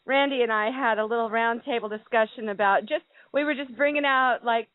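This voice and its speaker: A woman's voice: fairly high pitch, brisk, dry recording. A woman hosting a call-in radio show, bubbly and affectionate, laughing often. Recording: phone-like call-in audio.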